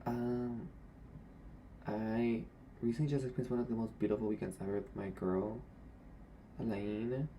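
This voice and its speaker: A man's voice: fairly low pitch, fairly even intonation, moderate pace, pauses often, mellow, slight background noise. A young man, a former retail worker, speaking to camera in a candid, sassy and blunt rant about old coworkers.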